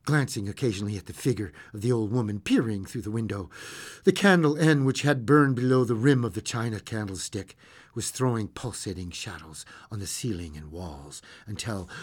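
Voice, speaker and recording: Husky man reading a ghost story dramatically. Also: mid-range voice. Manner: theatrical, swings from loud to hushed whispers.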